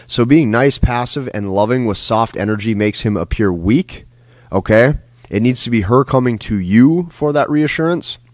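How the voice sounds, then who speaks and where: A man with a mid-range, somewhat mellow voice delivers a dating advice monologue as a coach, lecturing at a moderate pace. He's emphatic and repetitive, frequently adding "like" and "right?". The studio sound is clean, with no room sound.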